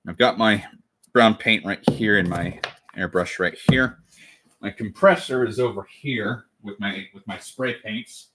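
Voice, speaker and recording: Slight background noise sits under a lowish, fairly bright male voice speaking at a measured pace. He's an American cosplay livestreamer in his twenties, casually chatting with viewers while crafting, rambling and self-correcting.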